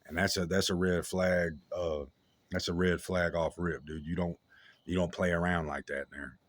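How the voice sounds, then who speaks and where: A man telling a story in a casual, slangy way, with halting restarts and lots of fillers. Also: deep voice, flat delivery, no echo.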